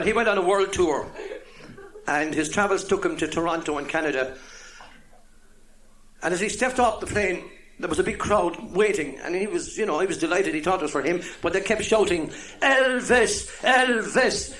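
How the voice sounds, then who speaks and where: A man's voice: high-pitched, brisk, a bit bright. A man telling jokes live as a chatty, chuckling storyteller. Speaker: comedian.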